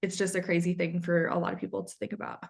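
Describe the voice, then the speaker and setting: Gravelly-voiced woman hosting a chat. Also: on the low side, little pitch movement, fast talker. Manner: warmly affirming, chatty. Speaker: podcast host. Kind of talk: casual podcast interview.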